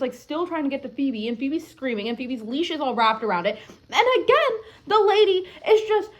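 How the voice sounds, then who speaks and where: Swearing, rambling young woman vlogger. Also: high voice. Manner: rambling and animated, heavy filler words and frequent swearing. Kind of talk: casual storytelling to camera. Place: at home.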